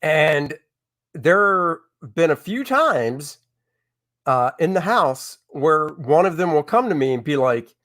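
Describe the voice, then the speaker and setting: A man's voice: fairly high pitch, big pitch swings, slow, a bit bright, no echo, studio quality. A middle-aged man hosting a comics live stream, chatting casually and reading viewer comments in a rambling way. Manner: rambling, chatty, with many fillers and asides.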